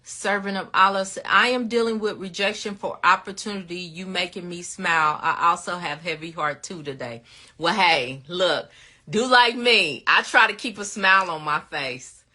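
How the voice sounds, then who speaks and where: A woman's voice: lowish voice, moderate pace, bright, forceful tone. A woman hosting a casual livestream, greeting viewers by name and laughing often as she answers their questions. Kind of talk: casual live chat.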